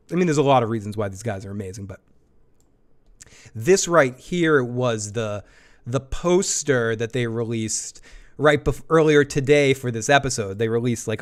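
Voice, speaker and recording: A man with an average-pitched voice hosts a live discussion right after an episode airs. He talks in an excited, rambling stream, circling back and repeating himself, with casual swearing. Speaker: show host. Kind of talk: live episode review chat.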